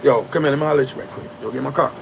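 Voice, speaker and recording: Male storyteller playing a smooth-talking street hustler, slangy and coaxing, mid-pitched with some grit. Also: racing, slight background noise, close to an everyday voice.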